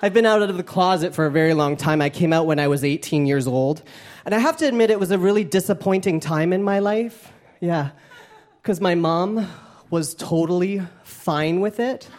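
A man's voice: high voice, moderate pace, a little mellow. Playful gay man doing stand-up. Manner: playful, self-mocking, laughing through lines. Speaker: stand-up comedian. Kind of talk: stand-up comedy set. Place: comedy club stage before a live audience. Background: audience laughter and room noise.

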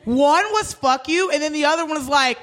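A young woman casually telling a story, animated and swearing as she acts out the people in it. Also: sits high, fast talker. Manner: animated, swearing, acts out voices in her stories.

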